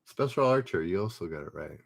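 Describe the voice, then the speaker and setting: A man runs a live-streamed pub quiz in a loose, chatty way. He reads each question aloud and calls out the players who answer. His voice sits a little on the low side. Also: animated, fairly quick, creaky. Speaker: trivia quiz host.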